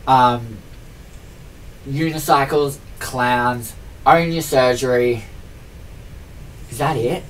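A man's voice: medium pitch, far from the mic, slight background noise, poor audio. A man in his twenties ranting in a chatty vlog, rambling with constant fillers and mocking himself. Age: 20s. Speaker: vlogger.

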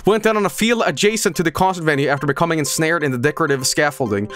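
A man voicing a pompous male TV news anchor, reading a newscast with a loud, theatrical announcer delivery. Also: fairly high pitch, racing, soft background music, close to an everyday voice. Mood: mock-grave.

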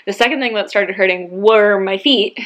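A woman's voice: medium pitch, normal speed, fairly bright tone, highs cut off. A young woman chatting casually in her home vlog, rambling and laughing often. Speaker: book vlogger.

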